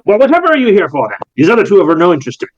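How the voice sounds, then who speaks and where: A man voicing an eccentric older male Pokemon breeder who talks in a fussy, quick, grabby way. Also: sits high, wildly swooping pitch, highs cut off, pitched above the performer's own voice. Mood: greedy.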